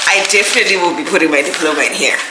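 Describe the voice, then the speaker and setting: A woman's voice: lowish voice, rapid-fire. A young woman vlogger, emotional and gushing with thanks as she unboxes gifts. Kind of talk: casual vlog unboxing. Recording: echoey room with noise.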